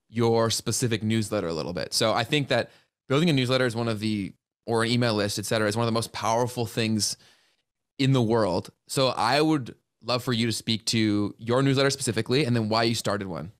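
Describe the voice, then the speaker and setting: A man hosting a conversational podcast, with a voice of middling pitch. He is enthusiastic and affirming. He builds his points the way a coach would. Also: brisk. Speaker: podcast host. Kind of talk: casual interview chat.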